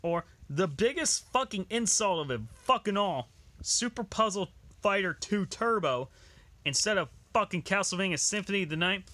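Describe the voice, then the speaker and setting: Young male gaming vlogger, furious and foul-mouthed, fairly high, lively pitch. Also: normal speed, no room sound. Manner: angry, swears constantly. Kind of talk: ranting reaction video.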